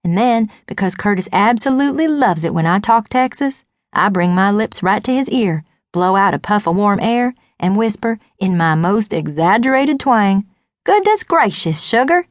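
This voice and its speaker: Woman reading first-person fiction, sly and deadpan, medium pitch, dry studio sound. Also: normal speed, few pauses, no room sound. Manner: wry, knowing, deadpan asides. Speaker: audiobook narrator. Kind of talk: first-person audiobook narration.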